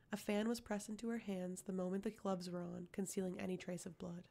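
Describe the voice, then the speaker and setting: A woman reading a fantasy novel aloud as an audiobook, with steady, even storytelling. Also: mid-range voice, creaky. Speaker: audiobook reader. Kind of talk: audiobook narration.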